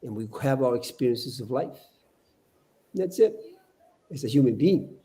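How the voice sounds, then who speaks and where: A man's voice: mid-range voice, animated, a little slow, mellow. An older man speaking as a podcast guest, earnest and preachy, often repeating his words as he talks. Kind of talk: casual podcast discussion.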